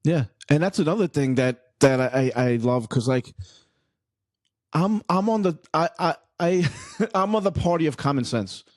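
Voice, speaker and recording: A man's voice: fairly high pitch, expressive, normal speed, no room sound, clean studio sound. A man hosting a podcast and interviewing a guest in an easygoing, chummy way. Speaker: podcast host. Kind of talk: casual interview chat.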